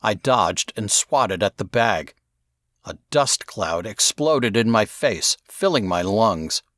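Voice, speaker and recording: Expressive male audiobook narrator. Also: fairly low pitch, takes it slowly, no room sound, clean studio sound. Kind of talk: first-person audiobook narration.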